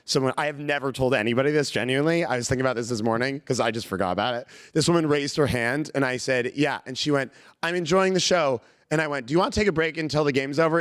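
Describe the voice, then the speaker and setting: A man's voice: mid-range voice, smooth. A man, an actor being interviewed, telling a rambling anecdote full of "like". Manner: rambling, animated, lots of "like". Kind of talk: casual anecdote.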